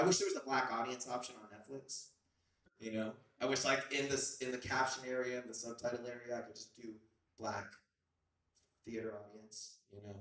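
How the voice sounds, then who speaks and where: A man doing a rambling open-mic stand-up set with slangy talk and sudden shouted bits, from a club stage. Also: medium pitch, fairly even intonation, a little fast, heavy reverb, recorded from a distance, low-quality recording. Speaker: stand-up comedian.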